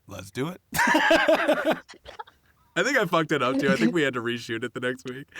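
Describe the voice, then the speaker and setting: A man, a guest actor, telling stories in casual chat, animated and profane, acting out the voices of people he quotes. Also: mid-range voice, a little slow. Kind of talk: casual storytelling.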